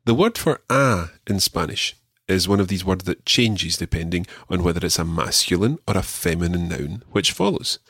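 A man teaching a radio language lesson, patient and encouraging, repeating words slowly for the learner. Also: low-pitched, lively intonation, fairly bright tone, slightly rough, no room sound, clean studio sound.

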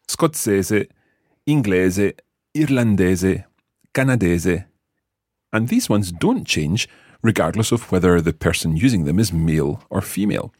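A man's voice: deep voice, darkish tone, slightly rough, dry recording, studio quality. A Scottish man hosting an audio language lesson, patiently enunciating words for learners to repeat. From Scotland. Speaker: language teacher, podcast host.

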